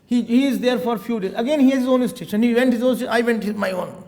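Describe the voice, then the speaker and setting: A man with an Indian accent giving a spiritual discourse, playful and animated, slipping Hindi phrases into his English. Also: extremely high pitch, fast talker, vocal fry. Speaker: spiritual teacher.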